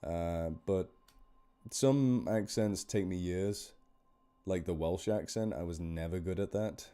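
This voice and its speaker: A man from northern England, who reads horror stories on live streams, chats casually with his viewers. His low, dark, clean-toned voice moves at a slow pace as he rambles and over-enunciates his words.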